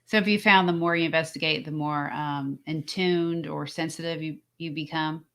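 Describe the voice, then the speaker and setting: Brief: woman host, very low pitch, curious questions, short agreeing replies. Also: fairly even intonation, moderate pace, fairly bright tone. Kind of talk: interview questions.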